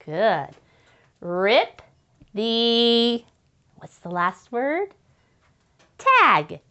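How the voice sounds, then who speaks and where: Woman teacher, very slow and patient, sounds out letters for little kids, lively voice. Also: fairly high pitch, clear, resonant tone, highs cut off. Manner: encouraging praise. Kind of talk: slow step-by-step writing lesson for young children.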